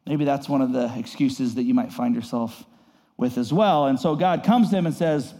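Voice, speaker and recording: A male pastor preaching a sermon in an animated, conversational way, often acting out the voices in his stories. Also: mid-range voice, moderate pace, in a large hall.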